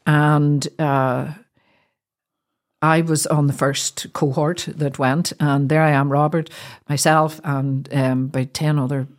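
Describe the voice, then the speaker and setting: A middle-aged Irish woman from Ireland, a guest telling a personal story in an interview, halting with many fillers and restarts. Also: sits low.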